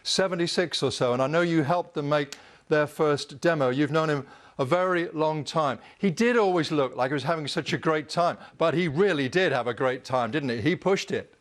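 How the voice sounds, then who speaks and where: Male news presenter, slightly high voice. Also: normal speed. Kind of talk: news interview.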